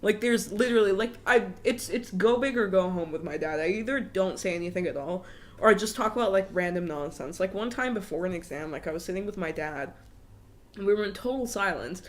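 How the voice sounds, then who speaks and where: A woman's voice: mid-range voice, lively intonation, brisk. A young woman co-hosting a podcast, in casual chat full of "like" fillers, giggles and swearing. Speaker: podcast co-host.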